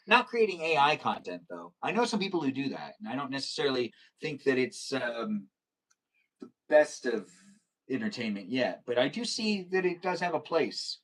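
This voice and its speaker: A man's voice: mid-range voice, poor audio. Rambling male live streamer. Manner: rambling, talks fast, spells and half-sings his username, reads chat aloud. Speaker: live streamer playing a video game. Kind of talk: casual live stream chatter.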